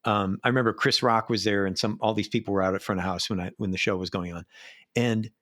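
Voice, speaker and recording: A man's voice: on the low side, fast, no room sound. Dry-voiced middle-aged man telling stories. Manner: animated anecdotes, acts out quoted voices. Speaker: live sound engineer, interview guest. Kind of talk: casual storytelling interview.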